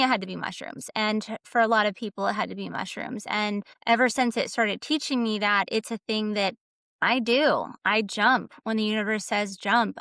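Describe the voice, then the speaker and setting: Emphatic higher-voiced woman podcast guest. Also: a bit bright, no echo, clean studio sound. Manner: earnest and emphatic, building lists of repeated phrases. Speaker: guest, psychedelic coach. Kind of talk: casual podcast conversation.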